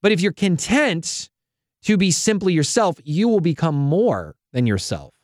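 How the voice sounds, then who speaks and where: A man hosting a casual faith-focused chat, a playful and animated storyteller. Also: high voice, a little slow, no echo, studio quality. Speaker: podcast host.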